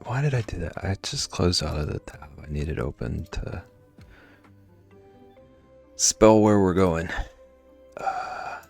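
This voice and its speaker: A man's voice: low-pitched, animated, slow pace, gravelly, long pauses, darkish tone, slightly rough, faint music behind. A man chatting casually on a livestream, rambling and answering chat, with lots of filler "like".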